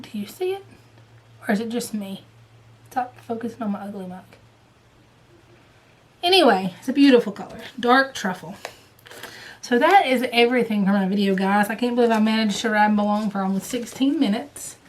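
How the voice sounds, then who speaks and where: A chatty woman with a Southern US accent, her voice sitting a touch high, rambles happily through her thread haul in a casual home video. She drifts into hushed near-whispers when leaning in to show a color, then comes back up to her easy chatting tone. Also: slight background noise. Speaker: cross-stitch vlogger. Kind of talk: casual chat.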